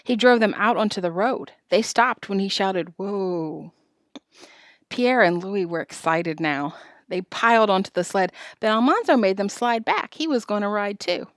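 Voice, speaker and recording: A woman reading a children's novel aloud with expressive, dramatic narration. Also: mid-range voice, normal speed, no echo, clean studio sound. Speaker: storybook reader.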